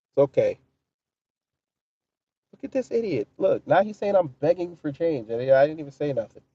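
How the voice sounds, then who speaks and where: A man's voice: a little high, animated, fairly quick, no echo, muffled recording. A man hosting a casual livestream, talking in a profane, mocking way and answering his chat. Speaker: livestream commentary host.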